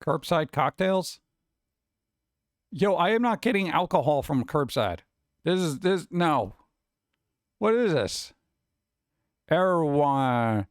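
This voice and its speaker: A man hosting casual reaction commentary, excitable and exclamatory, rambling between remarks. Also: on the high side, slow pace, long pauses, dry recording, clean studio sound. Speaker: host.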